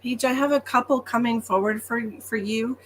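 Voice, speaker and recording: Reassuring chatty woman, higher voice. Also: moderate pace, a little hiss or hum. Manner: chatty and reassuring, with frequent ums. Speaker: psychic medium. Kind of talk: livestream reading.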